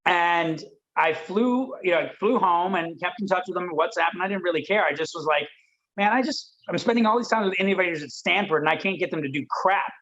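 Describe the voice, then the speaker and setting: A man from Detroit, a podcast guest telling a story in a lively way and acting out the voices of people he quotes. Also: sits high, fairly quick, highs cut off. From Detroit, USA. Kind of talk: animated storytelling.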